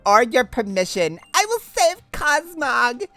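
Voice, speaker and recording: A woman's voice: a little high, big pitch swings, unhurried, fairly bright tone, faint music behind, pitched above the performer's own voice, heavily acted. A woman voicing an earnest, gushing young girl with a breathless manner.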